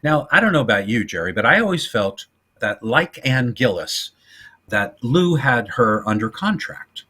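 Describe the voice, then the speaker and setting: Husky man, bright tone, retelling comedy scenes with put-on voices, casual podcast talk. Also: medium pitch, moderate pace. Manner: animated retelling, acting out quotes in voices. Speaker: podcast co-host. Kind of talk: casual film discussion.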